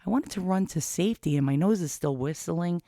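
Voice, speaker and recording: A woman's voice: fairly low pitch, animated, a little fast, dark tone, no echo. A woman in her fifties telling a personal story in a candid, rambling way, with blunt swearing, into a studio mic with a pop filter. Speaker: vlogger.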